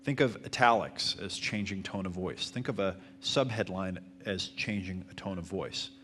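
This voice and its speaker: A man teaching marketing at a live seminar, answering audience questions in a fairly even, self-described monotone manner. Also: deep voice, moderate pace, a little hiss or hum. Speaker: marketing instructor.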